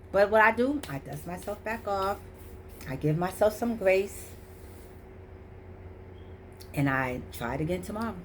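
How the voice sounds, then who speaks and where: A woman's voice: mid-range voice, lively intonation, normal speed, a little hiss or hum. A middle-aged woman giving a casual motivational talk, emphatic and repetitive, preaching about choices. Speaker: motivational vlogger.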